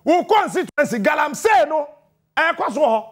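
A middle-aged man with a Ghanaian accent, a radio morning show host delivering a fiery, mocking on-air rant and often shouting in a studio. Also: very high voice, big pitch swings, normal speed, a little hiss or hum.

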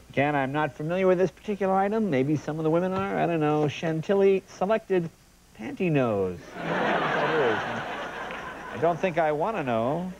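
A man hosting a talk show, running a comedic monologue of joke headlines with animated punchlines and asides to the audience. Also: fairly high pitch, moderate pace, a crowd in the background. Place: TV studio stage. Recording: TV studio with audience laughter and noise. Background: studio audience laughter.

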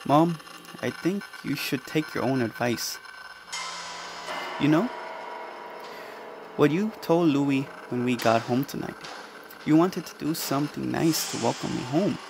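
A man voicing a cold, emotionless teenage boy killer who speaks low and almost growling, with music underneath. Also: unhurried, creaky, long pauses, background noise.

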